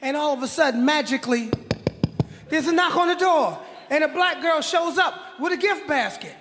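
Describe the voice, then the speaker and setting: A man's voice: very high voice, expressive, moderate pace, a bit bright. A man telling his side of a story on a comedy stage, laughing and easygoing. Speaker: guest storyteller. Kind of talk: stand-up storytelling. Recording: live stage in a hall.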